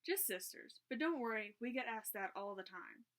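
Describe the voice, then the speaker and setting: A woman's voice: on the high side, expressive, normal speed, fairly bright tone. A woman reading aloud, voicing a vague, apologetic tall young redheaded woman in a storybook.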